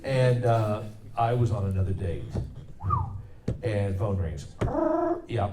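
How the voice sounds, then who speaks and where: A man's voice: lowish voice, takes it slowly, pauses often. Man telling stories in an echoey hall. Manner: loose, rambling, with many fillers. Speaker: voice actor guest at a convention Q&A. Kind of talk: anecdotal storytelling. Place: convention hall. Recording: echoey hall from far off, faint noise.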